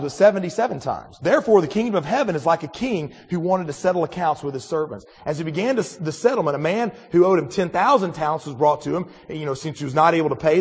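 A man preaching a sermon in a relaxed, conversational way, full of restarts and rhetorical questions to the congregation. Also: on the high side, breathy edge, in a large hall. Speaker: pastor.

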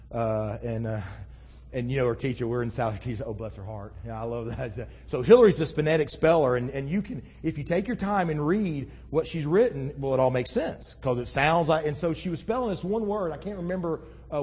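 A man's voice: mid-range voice, darkish tone, husky. A middle-aged man preaching a sermon as a pastor, in a conversational storytelling manner that rises to emphatic passages. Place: church sanctuary. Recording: long hall reverb.

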